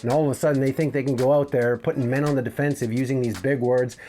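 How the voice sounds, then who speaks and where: A man's voice: medium pitch, steady tone, quick pace, mellow, soft background music. A man giving blunt, scornful commentary on online clips.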